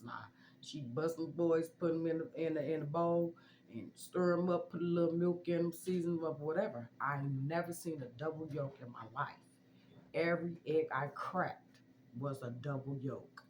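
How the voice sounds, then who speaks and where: A young woman casually telling a personal story, animated and jumping high when quoting herself. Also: slight background noise.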